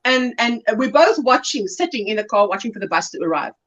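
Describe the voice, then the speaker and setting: A woman's voice: fairly high pitch, expressive, brisk, fairly bright tone, lo-fi sound. A middle-aged South African woman hosting a livestream, chatty and laughing as she reads out viewer comments. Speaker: livestream host. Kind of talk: casual chat while crafting.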